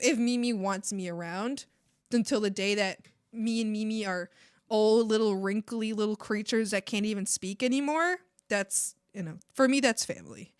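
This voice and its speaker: A young woman art streamer with a mid-range, slightly bright, clear and resonant voice chats casually while she draws. Her talk rambles and stresses words, full of fillers and restarts, and the sound is clean studio quality with no room sound.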